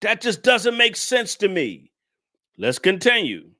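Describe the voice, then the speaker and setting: Exasperated man with a bright, animated voice. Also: high voice, a little slow. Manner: exasperated, emphatic, talks straight to viewers. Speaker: channel host reacting to a clip. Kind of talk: casual reaction commentary.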